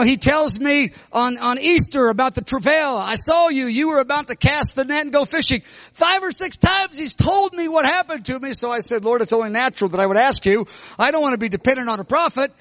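A middle-aged man preaching, telling a personal story with sudden loud outbursts. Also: very high-pitched, dry recording, dull audio. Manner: animated, bursts into loud shouts when retelling. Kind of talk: sermon testimony storytelling.

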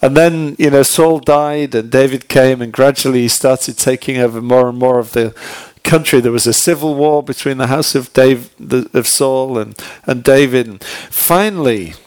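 A man's voice: mid-range voice, moderate pace, smooth, dry recording. A man preaching a sermon in a conversational, storytelling way, using many "you know"s and asking his listeners direct questions. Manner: retells a joke in a relaxed way.

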